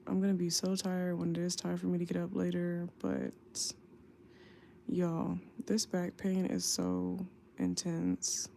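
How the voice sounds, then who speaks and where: Young woman, worn out and aching, drawling late-night livestream chat into her phone, with a gravelly edge. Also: on the low side, dark tone, a little hiss or hum. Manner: slow, tired, drawling talk with lots of fillers. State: sleepy and in back pain. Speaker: flight attendant livestreamer. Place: home at night. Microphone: phone mic, off screen.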